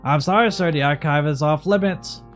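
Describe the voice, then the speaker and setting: A man's voice: fairly high pitch, normal speed, a bit bright, soft background music, close to an everyday voice. A man reading as a weary asylum caretaker. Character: weary asylum caretaker, long-serving and guarded.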